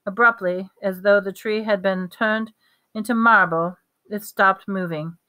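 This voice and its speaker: A woman reading a storybook aloud, halting often to correct herself. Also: medium pitch, fairly even intonation, sharp tone. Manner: halting, stumbles and self-corrections. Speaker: reader.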